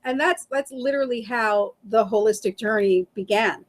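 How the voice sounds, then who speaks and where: A middle-aged woman telling her story as an interview guest, animated and laughing often as she acts out what others said. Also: on the high side, normal speed.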